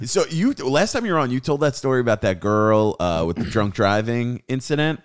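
A man's voice: medium pitch, sing-song, brisk, clear, resonant tone. A man hosting a casual podcast chat who reacts a lot and swears freely. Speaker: host.

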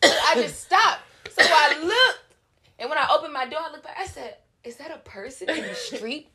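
High-pitched woman, podcast co-host, AAVE, animated storyteller who laughs and curses. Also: normal speed, a crowd in the background. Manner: animated, laughing, swearing freely, acts out quotes. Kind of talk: casual chat, storytelling.

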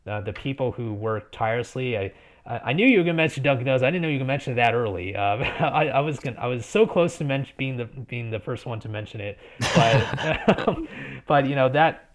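A man's voice: medium pitch, animated, brisk. A man in his twenties, a podcast guest talking earnestly about his experiences, often restarting his sentences. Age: 20s. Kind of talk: conversational podcast interview.

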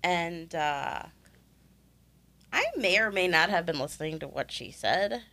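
A woman's voice: fairly low pitch, lively intonation, unhurried, sharp tone. A young woman in casual, self-mocking chat with a friend, telling a story and laughing easily.

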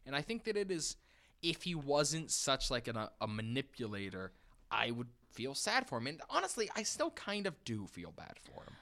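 A man co-hosting a podcast, talking thoughtfully through a book with frequent pauses to gather his thoughts. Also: mid-range voice, wildly swooping pitch, bright, forceful tone. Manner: thoughtful, hesitant, many fillers and restarts. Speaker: podcast co-host. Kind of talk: casual book discussion.

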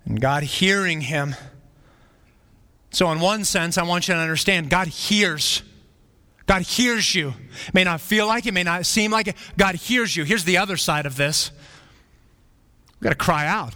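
A man's voice: sits high, unhurried, long pauses, sharp tone. A man preaching a sermon as pastor, earnest and repeating key phrases for emphasis. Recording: reverberant hall sound.

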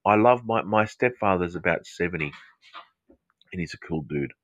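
A man's voice: low voice, expressive, moderate pace, a bit bright, dry recording, highs cut off. A middle-aged man with an English-Australian accent, a psychotherapist chatting playfully and rambling with viewers during a live social media stream. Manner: playful, rambling, jokey asides.

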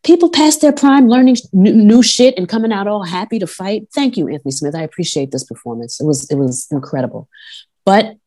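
A woman from Long Island with a New York accent, co-hosting a casual fight-talk chat in a brash, profane, animated way. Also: medium pitch, a little fast. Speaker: podcast co-host. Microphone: phone or remote call.

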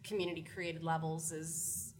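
A woman's voice: low-pitched, level tone, normal speed, darkish tone. A woman co-hosting a casual gaming podcast, wry and teasing. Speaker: podcast co-host. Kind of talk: casual chat.

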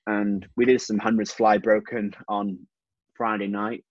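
A man's voice: on the low side, unhurried, dry recording, highs cut off. A young English man, a swimmer being interviewed, talking casually and easily with lots of "you know". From England. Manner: relaxed, chatty, frequent "you know". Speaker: swimmer, guest.

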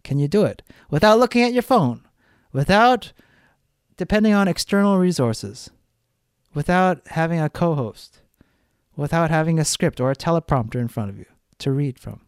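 A man's voice: a little high, animated, moderate pace, smooth, no echo, clean studio sound. A man hosting a solo podcast, talking bluntly and ranting with frequent swearing. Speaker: podcast host.

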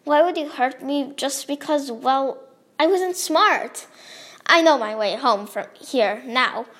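A woman reading her own story aloud in a lively, expressive way. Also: sits high, measured pace.

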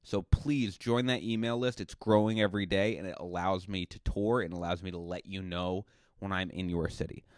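A man's voice: sits low, steady tone, normal speed, no echo, studio quality. A male stand-up comedian talking through a casual podcast monologue, chatty and rambling, with plenty of restarts and fillers.

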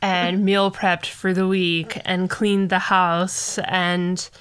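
A young adult woman co-hosting a podcast, joking and laughing through relaxed casual chat. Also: fairly low pitch, slow pace, clear, resonant tone. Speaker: podcast co-host.

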